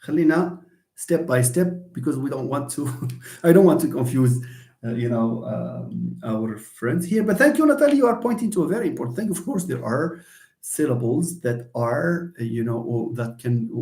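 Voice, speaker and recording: Speaking in a mid-range voice in an echoey room, a man with a Moroccan accent gives an animated online class lecture. He switches among English, French, and Arabic and asks questions only to answer them himself.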